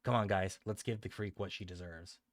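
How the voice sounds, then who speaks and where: A man's voice: low voice, fairly even intonation, fairly quick, no echo, studio quality, natural voice. Man doing a taunting, cruel bully boy. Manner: taunting, mocking. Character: sneering village bully boy, cruel and boastful.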